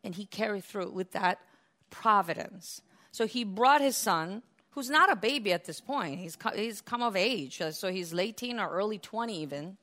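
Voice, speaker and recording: A woman preaching a sermon with a bright, forceful voice. She tells the scripture as a lively story, breaking into laughs and acting out the quotes. Her pitch sits in a middle range for a woman. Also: moderate pace.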